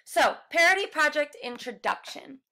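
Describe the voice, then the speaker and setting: A woman's voice: sits high, lively intonation, normal speed, bright, forceful tone. A woman music teacher explaining a class project step by step in a recorded lesson, now and then singing short examples.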